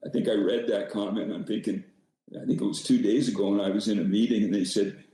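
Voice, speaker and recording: A man's voice: on the low side, fairly even intonation, fast talker, dark tone, heavy reverb, rough recording. An older man, a former hockey coach, telling rambling stories as a podcast guest with many restarts. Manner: rambling, self-deprecating, frequent restarts. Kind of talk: casual storytelling.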